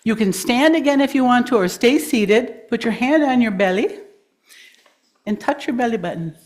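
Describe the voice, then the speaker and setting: A woman speaker at a congregation gathering, gently guiding listeners through breathing and grounding, encouraging and quick to laugh. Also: a little high, lively intonation. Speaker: guest speaker. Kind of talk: guided breathing exercise in a talk. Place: congregation hall.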